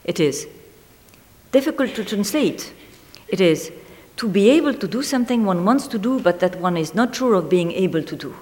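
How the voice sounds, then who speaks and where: A woman reading a literary essay aloud in a measured, deliberate way, lingering on single words. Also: mid-range voice, lively intonation, darkish tone. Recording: long hall reverb.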